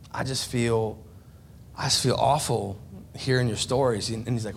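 A man's voice: mid-range voice, moderate pace, vocal fry, slight background noise. A man preaching a sermon, telling a personal story in an earnest, confessional way with frequent restarts. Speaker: pastor.

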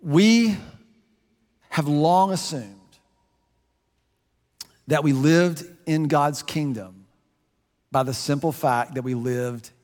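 A man's voice: a little high, takes it slowly, pauses often, a little mellow, in a large hall. A man from the United States preaching a sermon in a conversational way, restarting phrases and adding asides. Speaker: pastor.

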